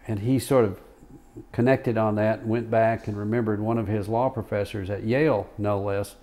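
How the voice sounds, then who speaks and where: A man's voice: on the low side, steady tone, normal speed, dark tone. An older man and retired lawyer recounting courtroom stories in an oral history interview, rambling with fillers and chuckles.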